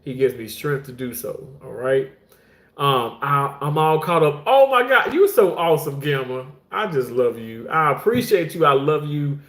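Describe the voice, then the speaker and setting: A middle-aged man hosting a casual livestream, chatting while he cooks. He reads viewer comments, rambles, and thanks people effusively, often jumping up high to greet them. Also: unhurried, a bit bright. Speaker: livestream host. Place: indoor room, talking while cooking. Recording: roomy echo.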